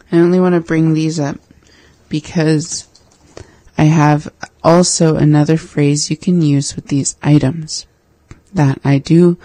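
Lesson co-host, slow even delivery, gravelly and mellow, practicing vocabulary aloud. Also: medium pitch, no echo. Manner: slow, flat, deliberate, practices words by repeating them. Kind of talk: language lesson conversation.

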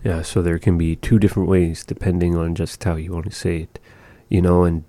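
Man w/ very low dark voice, explaining phrases slowly, lots of you know and like, dry room. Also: flat delivery, no echo. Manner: explains patiently with many fillers. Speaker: language teacher. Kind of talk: casual language lesson chat.

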